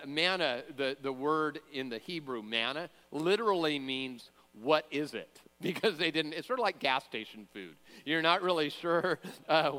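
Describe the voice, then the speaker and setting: A man delivering a sermon as pastor, his voice pitched a bit high and ringing bright. He talks conversationally, with frequent fillers, restarts and joking asides. His words trail into the long reverb of a large hall.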